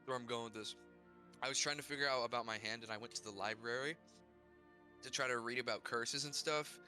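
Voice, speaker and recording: A young man recapping his tabletop game character's backstory, halting, with many fillers and restarts. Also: mid-range voice, sharp tone, faint music behind. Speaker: player.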